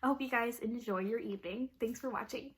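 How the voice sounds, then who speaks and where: A young woman vlogger telling a funny story, animated and laughing often, with lots of "like". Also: a little high, brisk. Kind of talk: casual storytelling vlog.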